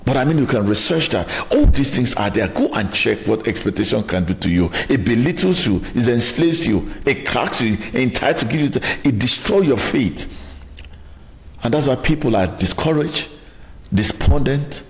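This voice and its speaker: A man hosting a motivational talk show, speaking passionately and with energy. His delivery is emphatic and preachy. His mid-range voice rises and falls in a lively way. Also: medium pitch, normal speed, creaky.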